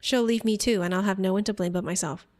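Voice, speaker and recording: A woman's voice: mid-range voice, steady tone, quick pace, darkish tone, voice pushed down, close to an everyday voice. A woman reading aloud as a guilt-ridden, lonely young man from a dating game. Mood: remorseful.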